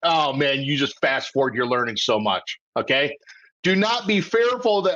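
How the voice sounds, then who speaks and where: Man, trading coach, live webcast lesson, animated, constant rhetorical questions, muffled low-fi sound. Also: moderate pace. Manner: animated, keeps asking "okay?", rhetorical questions.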